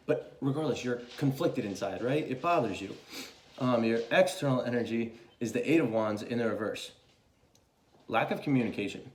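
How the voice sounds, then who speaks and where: A man's voice: medium pitch, animated, normal speed, a little mellow, echoey room. A young man giving a casual, chatty tarot reading, swearing freely and talking loosely. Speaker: tarot reader.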